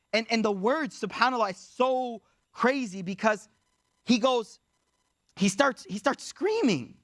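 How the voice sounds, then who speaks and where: A man teaching as he tells a story in a lecture, animated and speaking straight to his audience, acting out the voices. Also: extremely high pitch, measured pace. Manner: animated, addresses audience directly, acts out voices. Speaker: Islamic teacher.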